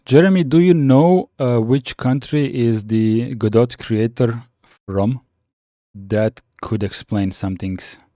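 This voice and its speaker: Man, live-stream chat, halting with restarts, dry close sound, unhurried delivery. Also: medium pitch, mellow, no room sound. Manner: halting, many fillers and restarts, reads chat aloud. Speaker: live streamer chatting with viewers.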